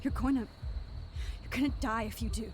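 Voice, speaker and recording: An earnest, anxious teenage girl, played by a woman in a video game. She pleads in a quiet, worried voice set high. A faint hiss sits behind her. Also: steady tone, a little fast, natural voice.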